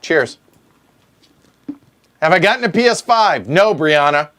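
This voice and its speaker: A man's voice: fairly high pitch, animated, measured pace, fairly bright tone. A man hosting a livestream Q&A, reading viewer questions from the chat aloud and answering them with joking asides. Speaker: board game show host. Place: home streaming room.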